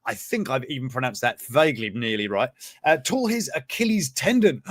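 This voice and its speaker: A man's voice: mid-range voice, very animated, moderate pace, a bit bright, no room sound. A man hosting a comedic news commentary show, joking, laughing often and wandering into asides. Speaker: host.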